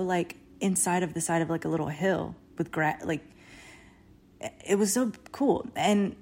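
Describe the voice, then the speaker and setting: Rambling woman telling a dream story. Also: on the low side. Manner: rambling, lots of "like" and restarts, swears casually. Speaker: podcast host. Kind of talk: casual storytelling monologue.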